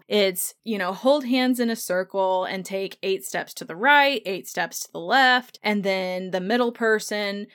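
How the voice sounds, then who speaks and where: A woman's voice: medium pitch, smooth, no room sound. A woman talks through her solo podcast in a chatty, enthusiastic way, full of asides to her listeners. Her voice sits mid-range. The sound is dry and close, with no room around it. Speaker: podcast host. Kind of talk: casual solo podcast recap.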